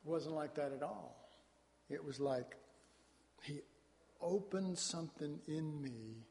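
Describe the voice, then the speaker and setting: A man's voice: on the high side, takes it slowly, vocal fry, darkish tone. A man from Dallas, Texas, preaching a sermon in a folksy, storytelling way with colloquial asides. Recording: long hall reverb.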